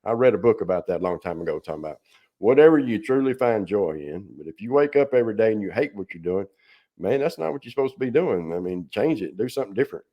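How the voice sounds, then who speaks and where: A man's voice: lowish voice, animated, quick pace, muffled recording. A male podcast host talking with a guest in an earnest, reflective, casual way. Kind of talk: casual conversational interview.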